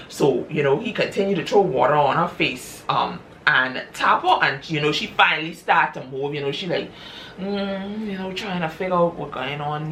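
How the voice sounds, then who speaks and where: A woman casually retelling a story she wrote, chatty and drawn-out, often calling her listeners y'all. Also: low voice, a bit bright, a little hiss or hum. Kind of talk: casual spoken story recap.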